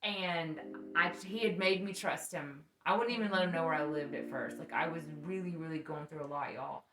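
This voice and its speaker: Speaking a little fast in a low voice, a young podcast co-host laughs through frank, profanity-filled stories. The recording is echoey with faint music and a noisy background.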